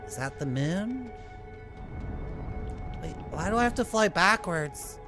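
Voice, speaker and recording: A woman's voice: lowish voice, expressive, slow pace. A woman commenting while playing a game, muttering in a puzzled way. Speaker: game player. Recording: faint music behind.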